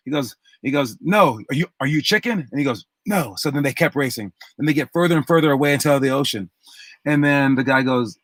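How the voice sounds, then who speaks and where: A male basketball coach gives a motivational talk, telling a long story and acting out each character's lines. He restarts his phrases often, at a mid pitch. The sound is dry, with no room echo. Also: a little fast. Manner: retells a story with acted-out quotes and many restarts.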